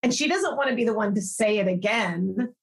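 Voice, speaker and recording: A woman's voice: medium pitch, animated, brisk, husky. A woman co-hosting a podcast in casual chat, enthusiastic and chatty, fond of folksy sayings. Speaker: podcast co-host.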